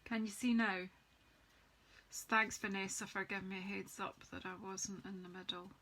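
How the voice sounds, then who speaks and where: A woman with a medium-pitched, bright and forceful voice that barely moves in pitch speaks at normal speed. She's live-streaming a card-making demo, chatting casually and greeting viewers by name as she works, and the recording quality is low.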